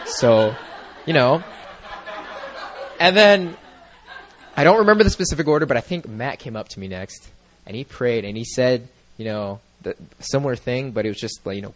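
Speaking into a mic at a church gathering, a young man shares his testimony in an earnest, meandering way, laughing easily and peppering his words with "like" and "you know." His pitch is fairly high and animated, and there's a little hiss or hum.

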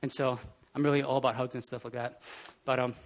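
A man preaching a casual, animated sermon in a church, often laughing and acting out scenes. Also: medium pitch, quick pace. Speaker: pastor. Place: church hall.

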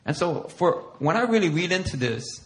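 A man's voice: fairly high pitch, expressive, normal speed. A male pastor preaching a sermon, acting out scripture quotes and laughing often as he talks.

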